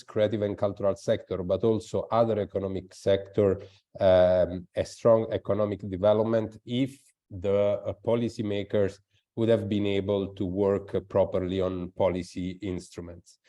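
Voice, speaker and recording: A man's voice: lowish voice, dark tone. A man presenting his project in a webinar over a video call, hesitant with many fillers.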